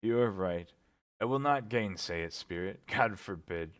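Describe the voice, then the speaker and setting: A man's voice: low voice, lively intonation, measured pace. A man playing an old miser recalling his youth. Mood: subdued.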